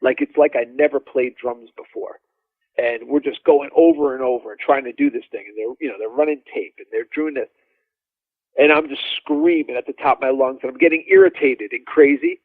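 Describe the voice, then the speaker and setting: A man, a drummer guest, telling studio stories in a rambling, animated way and acting out what others said. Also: mid-range voice, brisk, no echo. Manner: animated, rambling, acts out quoted dialogue. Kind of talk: casual storytelling interview. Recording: dry tinny phone-like line.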